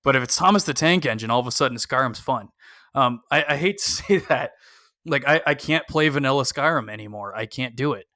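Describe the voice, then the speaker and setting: A man's voice: medium pitch, lively intonation, a little fast, sharp tone, dry recording, studio quality. A man talking casually on a gaming podcast, giving cautious, opinionated advice with frequent "um" fillers. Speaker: podcast co-host.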